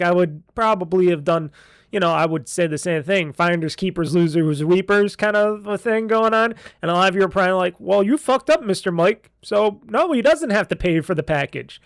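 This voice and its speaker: A man's voice: sits high, no room sound, studio quality. A man hosting a podcast, telling a long rambling story and acting out what others said in a raised voice. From Buffalo, New York. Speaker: podcast host. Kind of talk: casual monologue.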